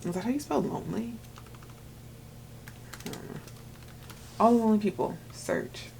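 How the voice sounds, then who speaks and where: A woman in her thirties vlogging about books at home in a chatty, excitable way, full of filler words. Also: mid-range voice, a little hiss or hum. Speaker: book vlogger. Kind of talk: casual chat.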